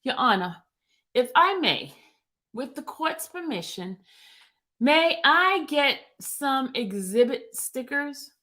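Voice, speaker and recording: A formal male defense lawyer, read by a woman addresses the court with careful deference, slowly and politely. He lists motions and dates at an unhurried pace. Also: sits high, very animated, sharp tone, pitched above the performer's own voice, full character voice.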